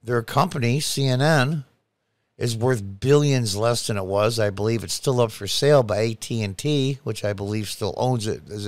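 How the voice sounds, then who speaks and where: A man's voice: medium pitch, no room sound. Middle-aged american guy doing political commentary, scoffing, dry close mic. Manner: scoffing, laughs while reading news aloud.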